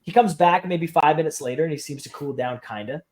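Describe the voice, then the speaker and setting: Male podcast guest, slightly raised pitch, chatty storyteller who acts out the lines. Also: fairly quick. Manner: animated storyteller acting out quotes. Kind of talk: casual storytelling.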